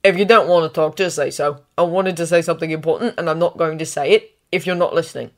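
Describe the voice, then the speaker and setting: A woman's voice: fairly low pitch, moderate pace, lightly acted. A woman reading a fan story aloud while voicing a teenage boy wizard, a blunt and loyal friend, in an earnest, blurting way. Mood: earnest protective.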